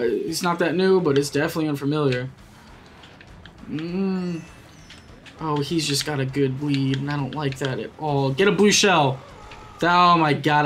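A young man giving excitable, profane live commentary while racing in a kart game, often yelling at it. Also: fairly high pitch, a little hiss or hum. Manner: excitable, swears a lot, yells at the game. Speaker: gaming YouTuber.

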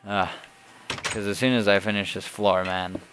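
A man hosting a gameplay video, talking casually and deadpan with a chuckle as he plays. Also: on the low side, normal speed, noisy background. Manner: laid-back, deadpan, chuckling. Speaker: gaming channel host.

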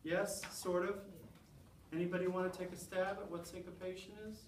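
A man with a high, fairly flat voice speaks briskly as he lectures a college class on rhythm, counting beats out loud, quizzing students and running clapping exercises. He's picked up off-mic from a distance, so the classroom sounds roomy, with a little hiss or hum underneath.

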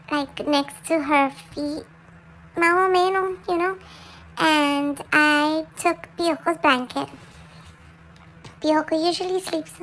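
Woman voicing a squeaky gravelly pet dog. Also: sharp tone, a little hiss or hum, full character voice, low-quality recording. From Puerto Rico. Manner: chatty, switches between English and Spanish. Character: small excitable pet dog, playful and rough. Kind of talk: confessional monologue in a dog's voice.

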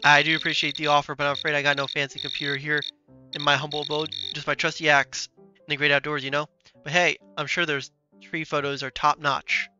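A voice doing a hearty Canadian lumberjack. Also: male voice, fairly high pitch, level tone, a little fast, lo-fi sound, over music, lightly acted. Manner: hearty folksy drawl, says "eh" a lot. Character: folksy Canadian lumberjack man with a hatchet.

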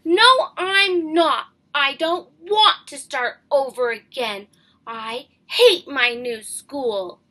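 A woman's voice: high-pitched, lively intonation, sharp tone, full character voice. A woman doing a whiny, dread-filled storybook heroine. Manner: whining, drawn-out protests. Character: whiny anxious grown woman dreading school.

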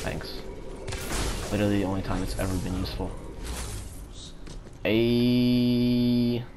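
A man giving live commentary on his own gameplay, excitable, swearing often and repeating phrases in quick bursts. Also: mid-range voice, loud music behind the voice. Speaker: gamer. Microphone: home setup without face cam.

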